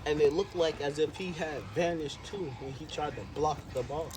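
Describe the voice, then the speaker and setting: A man's voice: a little high, normal speed. A man casually telling a made-up story in a rambling, slangy, laid-back way. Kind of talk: casual fan-fiction storytelling. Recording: loud background noise.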